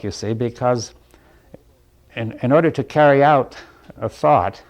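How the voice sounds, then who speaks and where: A man of middle pitch talks through an idea in a room with a small audience. He keeps stopping to rephrase and checks in with his listeners. He lets out soft chuckles between points. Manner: halting, restarts phrases, keeps checking in with the listener. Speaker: speaker giving a talk. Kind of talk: reflective spoken lecture.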